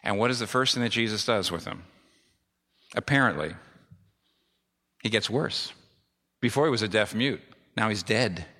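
A man's voice: fairly low pitch, moderate pace, pauses often, pushed and bright. A middle-aged male pastor preaching a sermon with emphatic repetition. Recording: long reverb of a large hall.

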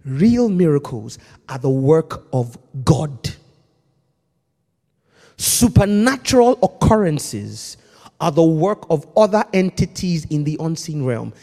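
Preacher man with booming swings in pitch. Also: sing-song, slow, in a large hall. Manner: swings from hushed intensity to shouting. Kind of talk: sermon.

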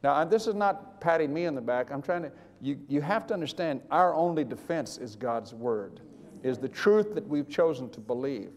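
An older man preaching, telling a personal story with animated, chuckling delivery and acting out the voices of others in his account. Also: fairly high pitch, moderate pace, in a large hall. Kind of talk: sermon testimony.

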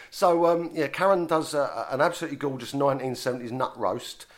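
A man's voice: medium pitch, normal speed. A man with a Cockney accent hosting a radio show, chatting casually and teasing his caller in a jokey way. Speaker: radio host. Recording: music playing underneath.

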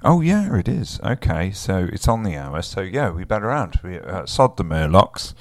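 A man's voice: low voice, lively intonation, moderate pace, dry recording. A man hosting a casual radio show, joking and rambling, often trailing off mid-sentence.

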